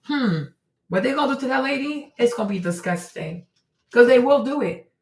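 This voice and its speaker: Animated and fairly high-pitched, this female host runs an opinionated commentary stream at a normal speed, her tone a little mellow. She talks emphatically and rhetorically, repeating phrases for effect, and the sound is roomy, with the mic at a distance.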